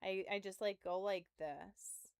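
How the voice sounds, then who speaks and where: A woman's voice: medium pitch, fairly even intonation, unhurried, smooth, no echo. A young adult woman streaming from home, telling a story in casual chat with laughs and profanity, close to her mic. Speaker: game streamer.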